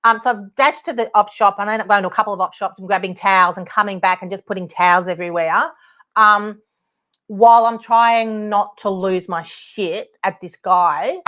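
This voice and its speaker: On her podcast, a middle-aged property advocate with an Australian accent tells a story casually and animatedly, sounding exasperated, laughing a lot and swearing now and then. Her voice is mid-range, and the podcast audio is dull and lo-fi.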